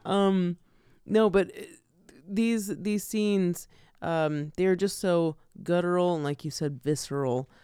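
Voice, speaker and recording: A woman co-hosting a film podcast in a relaxed, chatty way, laughing easily as she talks. Her voice is notably smooth and clear. The recording is dry and close, with no room sound. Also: fairly low pitch, slow, no echo. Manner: animated, laughs often, loves animals. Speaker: podcast co-host. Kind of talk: casual film discussion.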